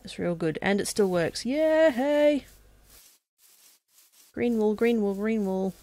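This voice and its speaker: A woman's voice: medium pitch, moderate pace, no echo. A woman giving casual commentary on her own gameplay, talking to herself as she plays. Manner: chatty, talks to herself, bursts into excited shouting. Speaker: let's play gamer.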